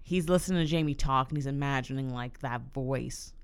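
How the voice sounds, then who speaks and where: A man's voice: mid-range voice, a little fast, clear, resonant tone. A man co-hosting a podcast, telling a story in casual chat, swearing constantly and acting out the characters. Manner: animated storyteller, swears a lot, acts out characters. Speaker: podcast co-host.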